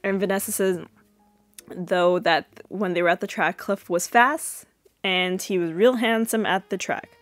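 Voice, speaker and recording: A woman in her twenties hosting a podcast, retelling a TV episode in a chatty, animated way with many fillers. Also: medium pitch, measured pace, no echo, faint music behind. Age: 20s. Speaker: podcast host. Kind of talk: casual episode recap.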